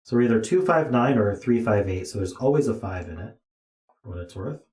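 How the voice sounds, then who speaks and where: A man's voice: lowish voice, lively intonation, brisk, darkish tone. A tired man streaming himself as he thinks aloud through a puzzle, muttering to himself with dry asides. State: tired, yawning. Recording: roomy echo.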